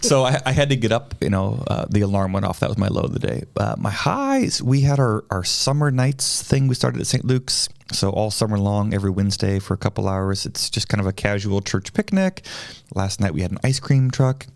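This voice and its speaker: Casting: male pastor co-host, low gravelly voice, dry close sound, playful and chatty. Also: lively intonation, brisk, few pauses, no room sound. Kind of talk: casual chat.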